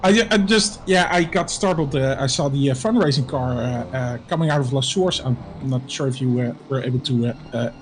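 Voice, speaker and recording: A man's voice: medium pitch, a little fast, few pauses, a crowd in the background, rough recording. A man, a sim racing driver chatting casually and hesitantly, with many fillers. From Netherlands. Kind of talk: casual chat.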